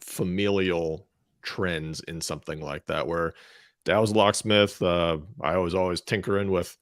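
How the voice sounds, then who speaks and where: A man co-hosting a talk show, speaking in a measured, wry, understated way. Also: sits low, steady tone, no room sound, studio quality. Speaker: co-host. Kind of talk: casual show banter.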